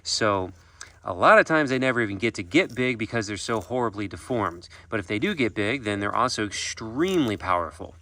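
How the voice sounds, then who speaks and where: A man's voice: lowish voice, lively intonation, a little fast, sharp tone. A man who keeps an animal sanctuary, narrating a casual vlog outdoors, explaining animal care plainly and cooing at the animals.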